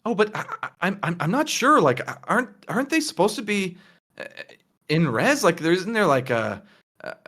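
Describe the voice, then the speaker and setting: A man puts on a high, fretful woman who trips over her words in a tabletop game. She stammers and keeps asking anxious questions. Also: big pitch swings, normal speed, sharp tone, exaggerated voice. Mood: worried.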